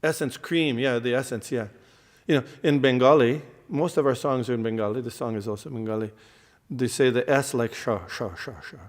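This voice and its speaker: Male lecturer, mid pitch, teaching a temple class. Explains terms, quizzes the room. Long hall reverb. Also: steady tone, a little fast, few pauses. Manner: explains terms, quizzes the audience, frequent fillers and restarts.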